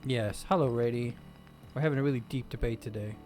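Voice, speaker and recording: A man's voice: mid-range voice, a little fast, a little mellow, soft background music. A man on a stream, chatting casually and ranting wryly about everyday gripes. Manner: ranting, wry. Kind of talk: casual chat.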